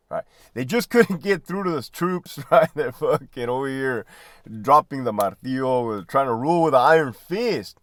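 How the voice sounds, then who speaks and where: A man's voice: mid-range voice, measured pace, no room sound, clean studio sound. A middle-aged man, a former prison guard and army veteran, talking casually and profanely, laughing often. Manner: animated, swearing, laughing often.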